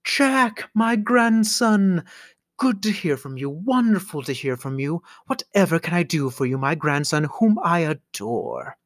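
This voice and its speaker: A man's voice: fairly high pitch, expressive, measured pace, no room sound, studio quality, voice pushed up. A man voicing a young male phone scammer who poses as a grandson, pleading in an overly formal, theatrical way. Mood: smarmy pleading.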